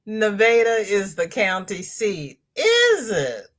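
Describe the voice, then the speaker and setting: A woman chats through a relaxed crafting livestream. She talks slowly and rambles, reading comments aloud and laughing easily along the way. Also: medium pitch. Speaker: crochet channel host reading live chat. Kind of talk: casual livestream chat.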